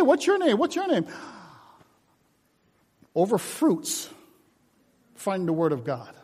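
A man preaching a sermon, telling personal stories with acted-out dialogue, moving from loud shouts to hushed whispers. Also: high-pitched, slightly rough. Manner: animated storytelling, shifts from shouts to hushed whispers. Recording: long hall reverb.

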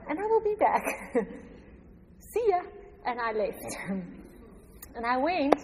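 High-voiced woman in a reverberant hall. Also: slight background noise. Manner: animated storytelling, often laughing. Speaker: church member giving testimony. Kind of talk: personal testimony to a congregation.

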